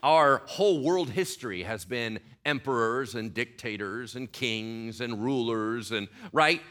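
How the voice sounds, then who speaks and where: A man's voice: mid-range voice, lively intonation, measured pace, a bit bright. A middle-aged man preaching a sermon in a conversational way, often asking the congregation questions. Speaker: pastor.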